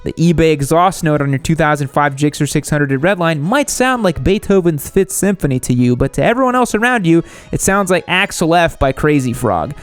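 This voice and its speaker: A man's voice: on the high side, a little fast, hardly any pauses, clear, resonant tone. Man hosting a jokey motorcycle vlog. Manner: deadpan jokey delivery with sudden animated outbursts. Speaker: motorcycle channel host. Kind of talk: comedic scripted narration.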